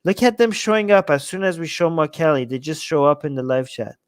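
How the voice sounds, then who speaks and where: Male livestream host, high voice, dry close sound, sarcastic commentary. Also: lively intonation, fairly quick, clear, resonant tone, dry recording. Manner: sarcastic, mocking. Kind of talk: live commentary on chat.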